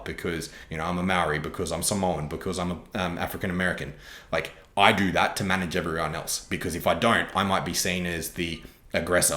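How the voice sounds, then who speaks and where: A young Australian man with a very deep, low voice, hosting a reflective podcast monologue. He speaks openly and earnestly, dropping casual swears as he thinks aloud. The sound carries a noticeable room echo. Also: fairly bright tone. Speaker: podcast host.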